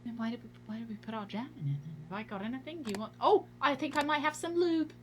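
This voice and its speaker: A woman's voice: a little high, fast talker, a little hiss or hum. A woman streaming a game, chatting casually with a giggly, self-mocking manner. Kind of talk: casual gameplay commentary.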